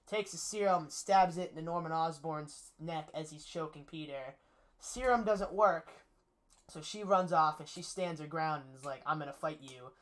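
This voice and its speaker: This man's voice is a little high with a fairly bright tone. He's a movie reviewer giving an offhand rundown of a movie's plot, spoilers and all, enthusiastic and rambling, with lots of filler words.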